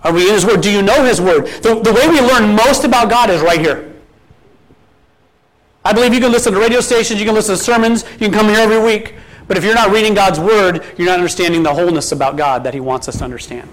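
A male pastor with a notably high-pitched voice delivers a sermon in a relaxed, conversational way. He keeps turning to the congregation with questions and weaves in spoken scripture quotes. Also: quick pace, rough recording. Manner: quotes scripture at an easy speaking pace.

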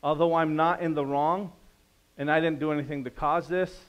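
Conversational preaching man, slightly high voice. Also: moderate pace. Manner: conversational storytelling with lively swings in loudness; asks the audience questions. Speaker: pastor. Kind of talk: sermon.

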